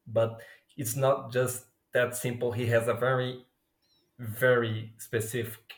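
Laid-back male podcast co-host, unhurried, swears casually; echoey room. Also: medium pitch, flat delivery.

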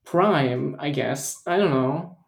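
A man co-hosting a podcast in relaxed casual chat, teasing and using many fillers. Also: fairly high pitch, slow pace, gravelly, reverberant. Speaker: podcast co-host.

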